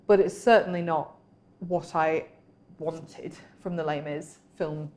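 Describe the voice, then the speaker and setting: A woman's voice: deep voice, steady tone, slow, darkish tone. A young British woman co-hosting a podcast, talking in an enthusiastic, chatty way. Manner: chatty and enthusiastic, many restarts. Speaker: podcast co-host. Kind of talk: casual chat.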